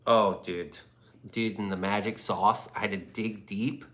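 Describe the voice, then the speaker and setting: A man's voice: on the low side, steady tone, a little slow, a bit bright. A man hosting a livestream in rambling casual chat, profane and loose, often laughing. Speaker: livestream host.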